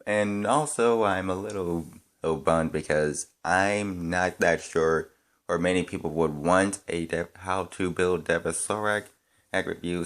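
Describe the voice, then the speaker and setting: A man giving his casual opinions as a fan reviewer, talking in halting bits full of restarts and fillers, thinking aloud. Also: low voice, a bit bright.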